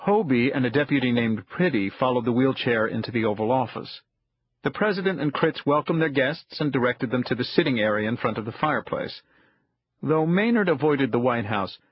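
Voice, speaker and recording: A man reading an audiobook thriller in an even, measured scripted narration. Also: medium pitch, breathy edge, highs cut off.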